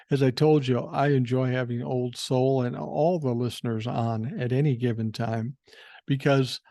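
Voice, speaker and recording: A man's voice: medium pitch, darkish tone, dry recording. An older man hosting a podcast, giving blunt, profane political commentary and reading listener emails, thinking aloud with fillers. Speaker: podcast host.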